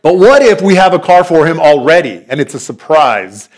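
A fairly high-voiced man in his forties with a drawl preaches a sermon. He talks earnestly and conversationally, easing into stories and asides. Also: big pitch swings, normal speed. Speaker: pastor.

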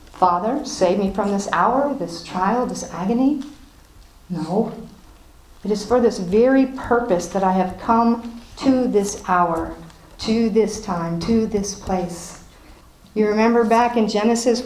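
A woman with a mid-range, somewhat dark voice leads a Bible study, reading scripture aloud before explaining it and posing questions to the group. The recording has a roomy echo and faint noise.

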